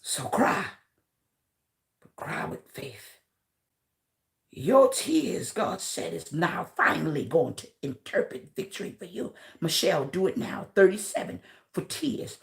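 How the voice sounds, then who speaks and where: A woman pastor, preaching a livestreamed sermon, often shouting and punctuating her lines with "uh" and "huh". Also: lowish voice, big pitch swings, a little slow, gravelly. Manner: shouting, preaching with rising intensity and "uh" and "huh" fillers.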